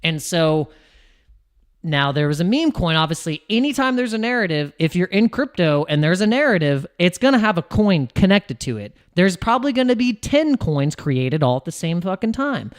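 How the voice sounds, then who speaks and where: The speaker is an American man streaming about crypto, chatting casually and rambling on. He restarts a lot, laughs, and his pitch swings up and down animatedly.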